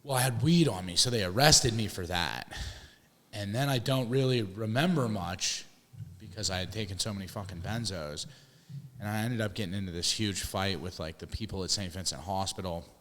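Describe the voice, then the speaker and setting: Casting note: young guy, low voice, loose and profane storyteller, recorded in a reverberant room. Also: moderate pace, a bit bright. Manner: rambling, swearing, restarts. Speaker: podcast co-host. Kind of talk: casual storytelling chat.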